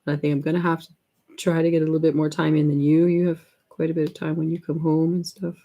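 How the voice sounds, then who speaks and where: A slightly low-voiced woman chatting at home with her husband. She is playful and teasing, and her talk keeps breaking into giggles. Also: level tone, fast talker, mellow, highs cut off. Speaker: co-host, wife. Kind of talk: casual chat. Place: home in Denmark, indoors.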